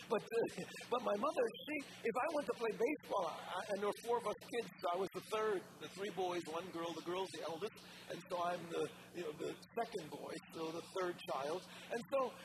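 A man with a high voice preaches, measured and emphatic, leaning hard on his key phrases. The recording carries clear background noise behind him. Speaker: pastor. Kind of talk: sermon.

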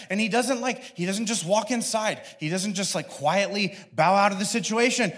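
A man giving a sermon as a pastor, telling family stories in a lively way and acting out his children's voices. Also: high voice, moderate pace, hardly any pauses. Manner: lively storytelling, acts out his kids' voices.

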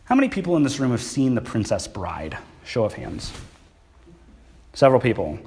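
A man's voice: mid-range voice, huge pitch swings, moderate pace, a little mellow, breathy edge. A man, preaching a sermon in a church and talking conversationally with the congregation. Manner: conversational, asks the congregation questions. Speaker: pastor. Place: church hall.

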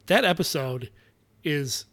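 A man's voice: fairly high pitch, lively intonation, takes it slowly, a bit bright. A man co-hosting a podcast in casual chat, rambling and joking, swearing now and then. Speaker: podcast co-host.

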